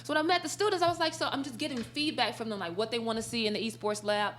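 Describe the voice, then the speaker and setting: A woman guest in an interview, telling stories in a casual, animated way, laughing often and acting out what others said. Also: fairly high pitch, rapid-fire, slight background noise. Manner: animated, laughs often, acts out quoted dialogue. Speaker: esports sportscaster and college instructor, interview guest.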